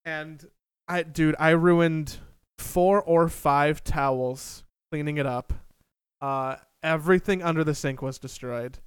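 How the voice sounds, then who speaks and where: A young man telling a story in casual chat, animated and self-mocking, swearing freely. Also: fairly high pitch, unhurried, clean tone, dry recording, clean studio sound.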